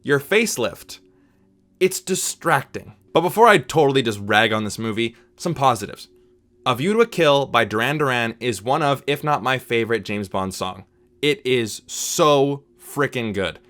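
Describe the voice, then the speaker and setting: This is a man talking through a film review in a relaxed, conversational way. He sounds opinionated and chatty, often breaking off with asides to the viewer. His voice sits at an ordinary middle pitch. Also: normal speed. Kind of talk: casual spoken film review.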